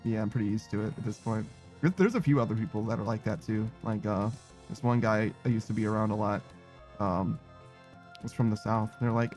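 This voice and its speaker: A man's voice: lowish voice, a little fast, darkish tone, soft background music. A man streaming a game, chatting casually and rambling with many fillers. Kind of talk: casual chat while gaming.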